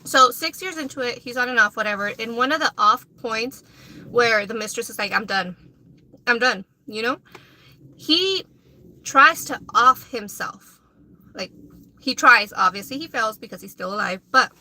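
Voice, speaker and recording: A woman vlogger telling celebrity gossip in a chatty, animated way while eating, often checking in with "okay?" and "you know". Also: on the high side, moderate pace. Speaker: mukbang vlogger.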